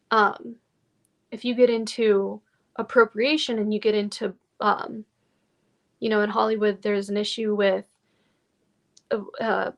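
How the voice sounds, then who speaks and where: Creaky-voiced woman guest, reflective. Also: a little high. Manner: reflective, halting with many fillers. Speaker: actor, podcast guest. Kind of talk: casual podcast conversation.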